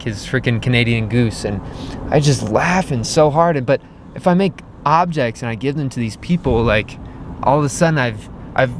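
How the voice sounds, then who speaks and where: A man's voice: medium pitch, a little hiss or hum. A man vlogging about pottery, telling a story in a loose, rambling way full of "like" and "right?", talking while he drives. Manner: rambling, filler-heavy, frequent "like" and "right?". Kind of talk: casual vlog storytelling. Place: in a car while driving.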